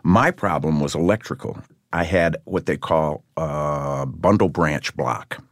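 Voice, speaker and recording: A low-voiced older man from Michigan tells a story as an interview guest. He talks in a lively, animated way, and the recording is dry and close. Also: a little slow, dry recording. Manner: animated storyteller, acts out voices in his anecdotes. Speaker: guest musician.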